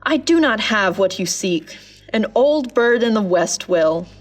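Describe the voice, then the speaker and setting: A woman's voice: medium pitch, animated, a little slow, faint music behind. A woman voicing a sleek, mysterious female crow in a storybook reading, crooning cryptically. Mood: cryptic.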